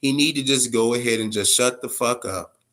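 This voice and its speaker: A man hosting a boxing commentary vlog, ranting casually in a profane, blunt, animated way. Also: medium pitch, fairly quick. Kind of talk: casual opinion rant.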